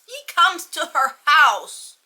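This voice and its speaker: A woman giving a casual, profane, rambling book review in an animated ranting manner. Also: high voice, takes it slowly.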